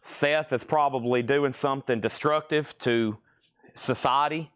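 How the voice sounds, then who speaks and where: Male live-sale host, mid-pitched, loose and chatty, repeats lots and bids. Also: fairly even intonation, a little slow, a bit bright. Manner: repeats item names and bids, casual and rambling. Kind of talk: live-stream auction selling.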